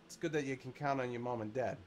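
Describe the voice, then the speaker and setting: A man voicing a bold young male protagonist, read flatly from a fan-fiction text. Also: medium pitch, fast, over a noisy crowd, pitched below the performer's own voice, natural voice. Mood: earnest.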